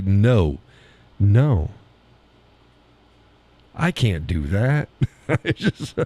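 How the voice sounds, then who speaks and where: A man's voice: medium pitch, dry recording. Middle-aged guy on a live stream, cusses a lot, keeps laughing, voice jumps all over, dry close sound. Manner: profane, laughs often, animated storytelling. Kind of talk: casual chat reading viewer comments.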